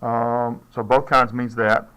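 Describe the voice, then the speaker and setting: A man teaching chemistry to a classroom of students. His pitch sits in the middle range, and he speaks in a loose, chatty way. He jokes now and then and keeps checking whether the class is following. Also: level tone, takes it slowly, fairly bright tone, clean tone, rough recording. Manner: casual, joking, checks in with students often. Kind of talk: classroom lecture.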